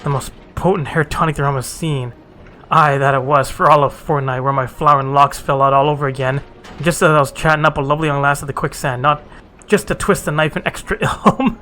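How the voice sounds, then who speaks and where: A man's voice: a little high, fairly even intonation, brisk, pushed and bright, faint music behind. A man voicing a vain, balding man who blusters and rants bitterly. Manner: blustering, ranting.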